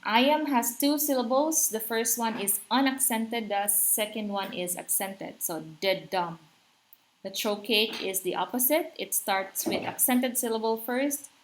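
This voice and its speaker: A woman teaching a literature lesson, explaining terms and asking her listeners rhetorical questions. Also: fairly high pitch. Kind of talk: literature lecture.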